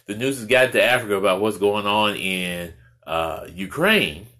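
A man's voice: fairly low pitch, expressive, normal speed, pushed and bright, rough recording. A man from the United States giving an impassioned opinion monologue, full of rhetorical questions and repeated words for stress.

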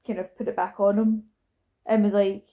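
A woman's voice: mid-range voice, flat delivery, normal speed, warm tone, muffled recording. A young Scottish woman chatting casually about a film, acting out the characters' lines as she retells scenes.

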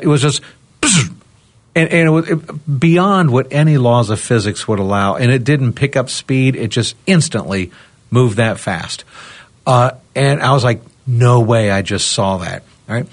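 A man from the United States, a regular on a podcast panel, earnestly telling a personal story in casual chat and often turning to his listeners. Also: medium pitch. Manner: earnest, addresses listeners as "guys", checks in with "okay?". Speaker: roundtable panelist.

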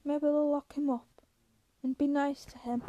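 A woman's voice: high voice, little pitch movement, a little slow, dark tone. A woman reading aloud voices a hardened male ranch hand who speaks bluntly and grimly.

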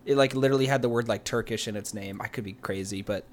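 A man's voice: lowish voice, fast. Rambling man chatting about esports. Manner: rambling, many "like" fillers and restarts. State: hiccups. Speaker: podcast co-host. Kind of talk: casual esports chat.

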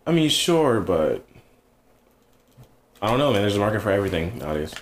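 Laid-back man, lively pitch. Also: brisk, a little hiss or hum. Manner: laid-back, short reactions and pushback. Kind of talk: casual podcast chat.

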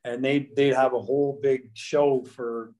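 A man's voice: medium pitch, little pitch movement, unhurried, dark tone, rough recording. A man in his fifties, a former pro hockey player, telling long stories as a guest in a casual interview, full of restarts and fillers. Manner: rambling, with many restarts and fillers.

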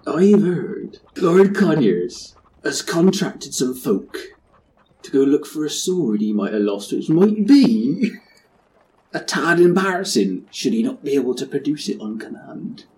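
A man's voice: big pitch swings, darkish tone. A man doing Gravesby, a shifty West Country rogue. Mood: sly. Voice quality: hammy drawl. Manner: wheedling, flusters into high rapid denials. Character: shifty hooded male informant, sly and nervous.

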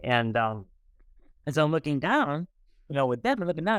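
A middle-aged man talks as a podcast guest, earnest and warm, playing out every quoted line as he tells his story. His voice is smooth and resonant. The sound is dry, close to the mic. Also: on the high side, very animated, normal speed, no echo. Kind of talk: conversational storytelling.

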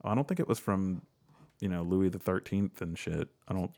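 A man with a very low, deep voice hosts a loose, casual chat. He reads facts aloud and riffs on them with offhand jokes and easy swearing. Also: a little fast, vocal fry, dark tone. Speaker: podcast co-host.

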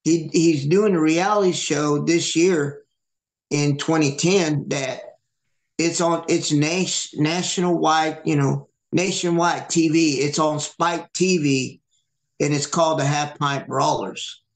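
Guy on a podcast ranting thru a story, cusses a lot, kinda high voice, roomy echo. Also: slow. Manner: animated, swearing, acts out quoted people. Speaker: podcast host. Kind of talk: casual storytelling chat. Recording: echoey room.

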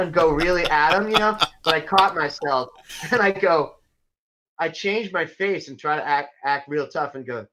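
A man telling stories in a casual chat, rambling and animated with lots of fillers. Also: on the high side, normal speed. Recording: dull lo-fi sound.

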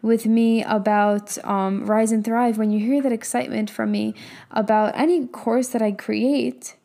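A young woman speaks as a motivational coach, her voice a little high yet mellow and warm. She talks casually and emphatically, stacking rhetorical questions and letting an occasional swear slip. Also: fairly even intonation, measured pace, creaky. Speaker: business and mindset coach. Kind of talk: motivational talk.

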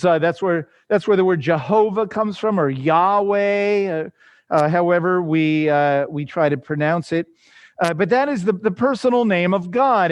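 A man with a high, light voice teaches scripture informally, stopping often to ask "right?" He reads the passages slowly and deliberately, and the sound is close and dry, with no room echo. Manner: conversational, many "uh" fillers and "right?" checks. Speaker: Bible teacher.

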